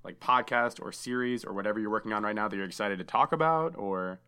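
A man's voice: fairly low pitch, fast, pushed and bright, clean tone. A man hosting a casual podcast, chatty and enthusiastic, saying dude a lot. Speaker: podcast host.

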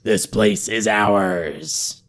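A man voicing a scarred, greedy male hobgoblin priest in a hoarse, menacing voice, speaking in curt threats. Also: lowish voice, drawn-out words.

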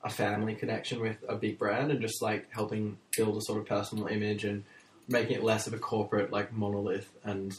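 A man's voice: lowish voice, little pitch movement, brisk. A young man chatting casually about ad ideas, hesitant with many fillers. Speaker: co-host discussing ad ideas. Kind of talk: casual chat. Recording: roomy, distant mic.

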